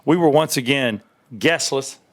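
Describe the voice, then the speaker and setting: A man from the American South co-hosting a casual comedy podcast, talking in an animated way and slipping into put-on voices. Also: medium pitch, a little slow. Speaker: podcast co-host.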